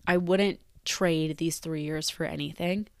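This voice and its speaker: A woman's voice: sits low, fairly even intonation, a little slow, a little mellow, clear, resonant tone, dry recording. A woman in her twenties, a teacher, talking candidly and reflectively about her job in a personal vlog, repeating words for emphasis. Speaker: teacher leaving the profession.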